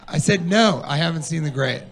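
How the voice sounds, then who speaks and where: Animated stand-up comic with a live crowd. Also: male voice, fairly quick, gravelly. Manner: animated storytelling, quoting his partner in a mocking high voice. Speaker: stand-up comedian. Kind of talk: stand-up comedy. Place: comedy club stage with a live audience.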